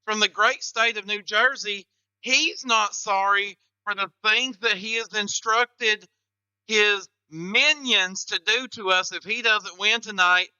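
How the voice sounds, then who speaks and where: High, bright comic game show announcer man. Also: slow, clear, resonant tone, no room sound, lo-fi sound. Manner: mock-dramatic, rambling for laughs.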